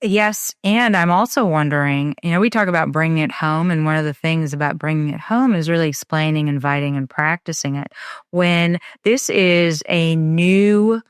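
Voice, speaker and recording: A woman co-hosting a parenting podcast, speaking in a thoughtful, measured way with small pauses as she works through ideas. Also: low-pitched, clear, resonant tone, dry recording, studio quality. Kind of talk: casual conversational podcast.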